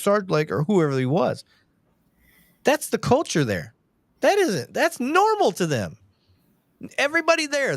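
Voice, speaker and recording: A man's voice: high-pitched, dry recording. A man hosting a police-topic livestream, talking bluntly and heatedly with plenty of swearing. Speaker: podcast host, police sergeant. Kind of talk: casual livestream chat.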